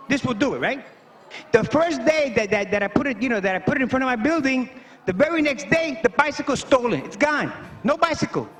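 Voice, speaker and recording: An actor playing a Puerto Rican stand-up comedian who tells rambling stories full of fillers. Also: male voice, very high voice, exaggerated voice. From Puerto Rico. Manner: rambling, animated storytelling with many fillers.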